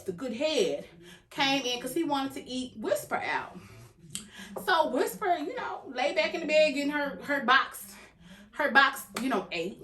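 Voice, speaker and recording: A young adult woman hosting a reaction video, recapping an episode in casual, animated storytelling and acting out the characters' lines. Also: high voice. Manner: animated storytelling, acts out characters' lines, calls viewers "baby". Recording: echoey room, faint background noise.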